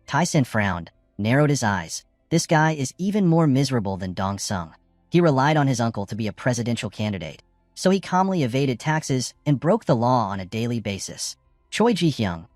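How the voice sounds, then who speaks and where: A male narrator reads a comic recap with a very animated, bouncing delivery. The sound is dry and close to the mic, with faint music playing underneath. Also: moderate pace, dry recording. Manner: lively, jumps pitch for quoted lines.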